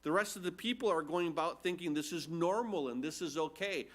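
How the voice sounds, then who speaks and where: A man's voice: fairly high pitch, brisk. A man preaching a sermon as a pastor, teaching earnestly and emphatically through scripture with rhetorical questions. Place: church.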